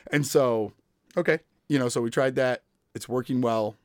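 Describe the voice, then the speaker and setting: A man's voice: medium pitch, moderate pace, clear, resonant tone, no room sound, studio quality. A man in his thirties hosting a podcast, telling stories in casual chat, laughing often and acting out quoted voices. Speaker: podcast host.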